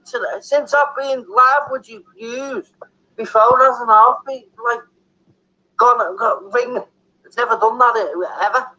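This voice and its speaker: A man's voice: very high voice, measured pace, pushed and bright. A man chatting casually on a livestream, stammering and restarting his sentences. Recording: muffled lo-fi stream audio.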